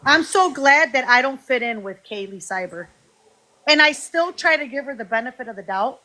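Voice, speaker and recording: A woman hosting a livestream, talking in a heated, animated way to her viewers and swearing freely. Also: sits high, normal speed. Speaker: livestream host. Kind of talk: heated casual livestream talk.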